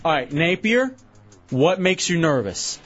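A man's voice: on the high side, very animated, unhurried, fairly bright tone, soft background music. A man hosting a radio show, bossy and teasing as he pushes a co-worker around in casual banter. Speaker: radio host. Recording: muffled radio broadcast.

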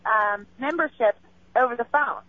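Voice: medium pitch, moderate pace, no room sound. A caller phoning into a radio show with helpful advice. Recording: tinny phone line.

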